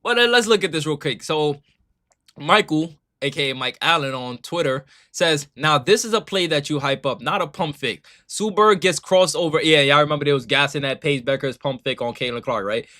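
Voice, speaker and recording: A man talks through a live reaction stream in loose slang, cracking jokes and laughing. His voice sits a little high and comes across bright and forceful. The delivery is animated and casual. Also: normal speed, dry recording, clean studio sound.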